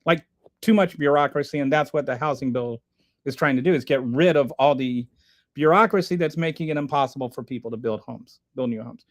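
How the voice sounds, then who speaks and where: A man hosting a casual livestream, reading chat aloud and commenting in a rambling, animated way with many restarts. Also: mid-range voice, a little fast.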